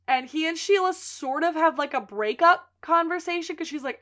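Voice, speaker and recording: Bright-voiced woman recapping with gusto. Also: high-pitched, moderate pace, hardly any pauses. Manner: animated storytelling, acting out characters' lines. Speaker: podcast co-host recapping a TV series. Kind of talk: casual chat.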